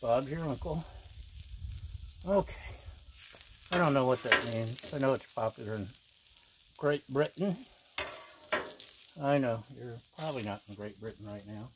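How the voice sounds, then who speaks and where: Slow, jokey man at a sizzling griddle. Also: mid-range voice, noisy background. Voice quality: chatty and jokey, teasing the viewer with repeated asides. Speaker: cooking channel host. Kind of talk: casual cooking vlog. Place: outdoors at a griddle. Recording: loud griddle sizzle behind voice.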